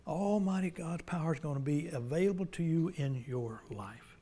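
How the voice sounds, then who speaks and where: A middle-aged man preaching a sermon as pastor, pleading loudly at times and dropping to a near whisper in prayer. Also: a little high, normal speed. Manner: impassioned preaching, swings from loud pleas to whispered prayer.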